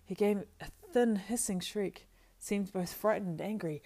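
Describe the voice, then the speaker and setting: A woman narrating a storybook aloud in a steady, measured reading with small slips. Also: mid-range voice. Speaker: audiobook narrator.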